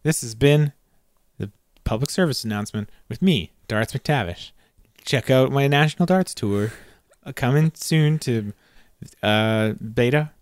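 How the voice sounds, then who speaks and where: A man putting on a pompous male darts champion character in a slow, lowered mock announcer voice. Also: no room sound, clean studio sound, close to an everyday voice. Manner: mock public service announcement delivery.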